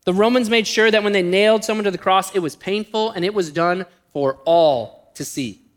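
A pastor preaches to his congregation. He is a middle-aged man with a rather high voice. He moves between quick storytelling bursts and slow, weighty phrases. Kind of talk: sermon.

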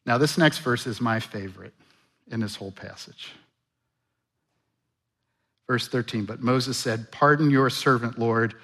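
A male pastor delivers a sermon in a bright, energetic voice, pitched in an ordinary middle register. He asks the congregation questions and dramatizes scripture by voicing its characters. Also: a little slow, pauses often. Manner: animated, acts out Bible voices, rhetorical questions.

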